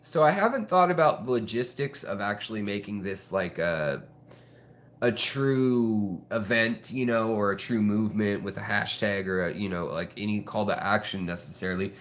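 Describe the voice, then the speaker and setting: A man's voice: fairly low pitch, animated, moderate pace, a bit bright. A man hosting an aquarium channel, chatting casually and rambling to the camera beside his fish tanks at home, with lots of fillers and jokes. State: out of breath.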